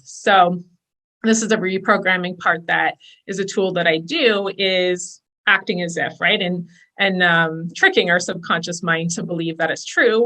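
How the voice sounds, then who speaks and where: Bright, chatty woman guest. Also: lowish voice. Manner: chatty, enthusiastic, quotes her own inner voice. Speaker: guest, business and money coach. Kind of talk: casual podcast conversation.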